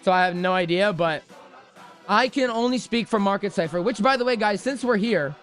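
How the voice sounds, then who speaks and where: High-voiced man rambling on a livestream. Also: brisk, a bit bright, faint music behind. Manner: rambling, joking, self-deprecating, with many restarts. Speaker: crypto trading streamer. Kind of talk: casual livestream chat answering viewer questions.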